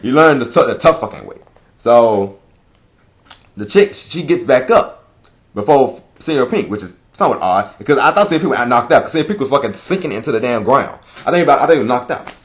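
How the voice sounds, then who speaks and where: A man giving a casual, rambling manga chapter review, swearing often, laughing a lot and jumping into high excited exclamations. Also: a little fast.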